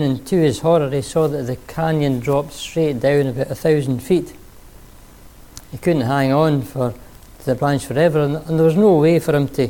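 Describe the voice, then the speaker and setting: A male preacher delivers a sermon in an earnest, storytelling manner. His voice is mellow and dark. He pauses now and then to rephrase. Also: mid-range voice.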